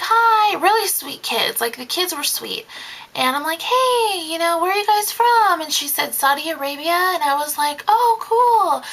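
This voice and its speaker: A young woman chattily telling a babysitting story in a casual vlog, full of fillers and quoting people in a higher voice. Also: gravelly, sharp tone, low-quality recording. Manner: chatty, lots of fillers, acts out quotes in a higher voice. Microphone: camera mic.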